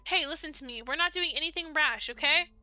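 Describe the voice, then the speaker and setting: A woman's voice: sits high, fairly quick, sharp tone, no echo, soft background music, voice pushed up. A woman voicing the game's young heroine, comforting and encouraging. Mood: reassuring. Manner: reassuring, encouraging.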